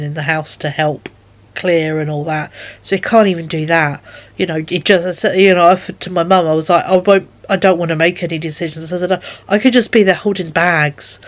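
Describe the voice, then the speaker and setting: A woman chatting casually in a vlog, rambling with many fillers and sounding tired and yawning. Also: deep voice. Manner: rambling, lots of fillers and repeated "he said". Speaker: vlogger.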